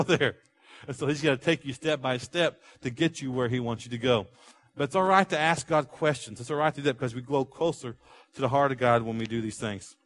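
A man preaching a sermon, animated, building rhythm with repeated phrases and acting out quoted voices. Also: a little high. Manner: animated preaching, acts out quotes with rising volume. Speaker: pastor.

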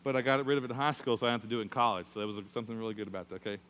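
A middle-aged man preaching a sermon, telling a story and acting out the voices in it with lively storytelling. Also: medium pitch, racing, a little hiss or hum. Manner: animated storytelling, acts out voices. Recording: long hall reverb.

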